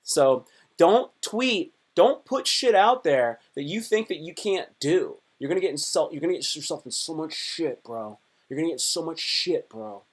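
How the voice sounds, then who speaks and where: A man comedian chatting on a live stream in a rambling way, repeating himself and swinging between loud bursts and low mutters. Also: expressive. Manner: slips into quick put-on voices. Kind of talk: casual live-stream chat.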